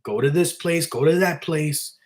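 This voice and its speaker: A gruff middle-aged mobster from a pizzeria, barking and streetwise, as a storyteller puts him on. He snaps short orders like someone used to being obeyed, always in a plainly spoken retelling. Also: fairly high pitch, normal speed, darkish tone, pitched above the performer's own voice, natural voice. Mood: commanding.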